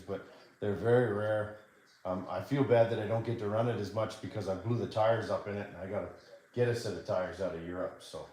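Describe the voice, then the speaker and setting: A man hosting a casual livestream, touring his home garage in a halting way, with many fillers and self-corrections. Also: fairly low pitch, breathy edge. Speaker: livestream host.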